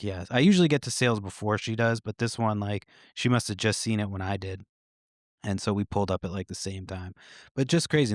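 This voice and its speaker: A man's voice: on the low side, no room sound, clean studio sound. A man hosting a podcast, telling stories in a casual, rambling way, swearing freely and chuckling often. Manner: profane, laid-back, with frequent fillers and chuckles. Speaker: podcast host.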